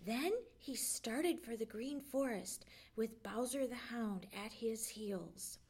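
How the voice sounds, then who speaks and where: A woman librarian reading a children's storybook aloud with gentle, expressive storytelling. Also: on the high side, slow pace, a little hiss or hum.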